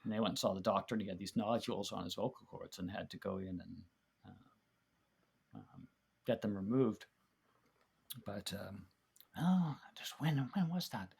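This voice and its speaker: A man's voice: lowish voice, normal speed, gravelly, long pauses, slightly rough. Man reminiscing in a rambling chat. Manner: rambling, warm storytelling with many restarts and fillers. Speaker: podcast guest.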